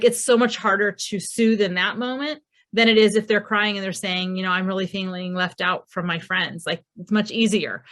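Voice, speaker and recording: A woman's voice: mid-range voice, a bit bright. A woman presenting a recorded parenting masterclass in a conversational way, acting out quoted dialogue as she speaks.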